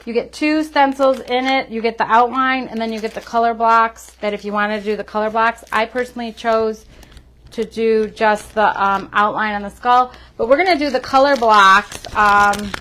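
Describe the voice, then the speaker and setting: Woman doing a live craft demo, kinda high voice, chatty, lots of ums, talking to the chat. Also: fairly even intonation, normal speed, fairly bright tone. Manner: chatty, lots of fillers, talks to viewers. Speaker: craft tutorial host. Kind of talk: casual live-stream demo.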